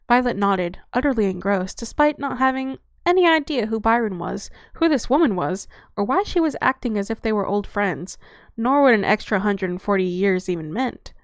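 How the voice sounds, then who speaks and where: A woman's voice: medium pitch, expressive, normal speed, dry recording, studio quality. A woman reading fiction aloud in fluid narration, dropping profane offhand asides. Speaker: audiobook reader.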